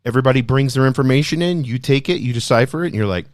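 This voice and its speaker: A man hosting a podcast, speaking in an energetic, emphatic motivational style full of rhetorical questions. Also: mid-range voice, very fast, few pauses, dry recording, studio quality. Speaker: podcast host. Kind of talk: motivational solo talk.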